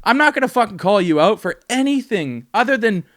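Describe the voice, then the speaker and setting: A young man from Canada co-hosts a casual podcast, swearing freely and laughing a lot. His voice is higher than most men's and swings widely in pitch. It is recorded close and dry. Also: very animated, fairly quick, fairly bright tone, no room sound. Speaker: podcast co-host. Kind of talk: casual chat.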